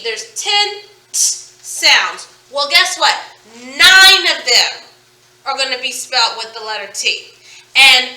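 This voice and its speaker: A woman teaching a phonics lesson in an upbeat, chatty way, slowly modeling words for her class. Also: high-pitched, pushed and bright, recorded from a distance. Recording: echoey room, voice a bit off-mic.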